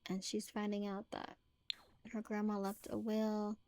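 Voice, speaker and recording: A woman's voice: medium pitch, monotone, measured pace, dark tone. A woman narrating her life-sim gameplay as a casual story, chatty and full of "like" and "um.". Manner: chatty, filler-heavy with frequent "like". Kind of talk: casual let's-play storytelling.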